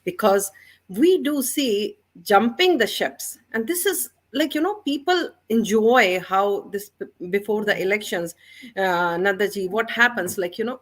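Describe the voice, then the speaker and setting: A woman's voice: mid-range voice, a bit bright. A woman speaking emphatically as a panelist in a political debate, using "you know" fillers and slipping into Hindi.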